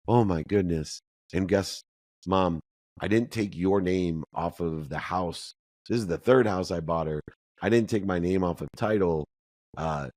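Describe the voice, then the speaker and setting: Deep-voiced man telling a personal story. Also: a little slow, a little mellow, no echo. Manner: emotional retelling, acts out dialogue in a raised voice; repeats phrases for emphasis. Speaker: guest. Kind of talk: storytelling in an interview.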